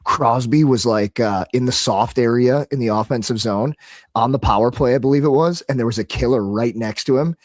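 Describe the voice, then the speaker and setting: Man, podcast co-host, casual coaching chat, animated and filler-heavy, dry close sound. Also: mid-range voice, fairly quick, no echo. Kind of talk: casual hockey tactics chat.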